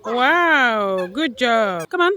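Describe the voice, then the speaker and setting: A woman's voice: a little high, very animated, very slow, bright, forceful tone, slight background noise. A mother filming her children outdoors at a zoo, cheering and encouraging them in a casual family vlog. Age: adult parent. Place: outdoor zoo with a crowd around.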